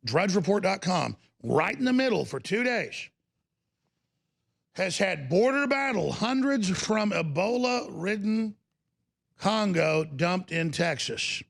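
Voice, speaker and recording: A man ranting as a talk show host, his voice heavily gravelly and pitched a little high. He piles on repeated lists and asides. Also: big pitch swings, slow. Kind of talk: political talk show rant.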